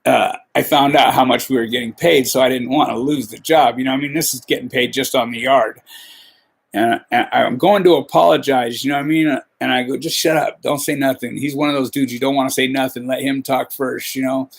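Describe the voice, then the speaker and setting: A man's voice: mid-range voice, steady tone, brisk, gravelly, breathy edge. A man hosting a podcast, telling a rambling, profane work story in casual talk. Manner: profane, rambling, peppers with "you know". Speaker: podcast host.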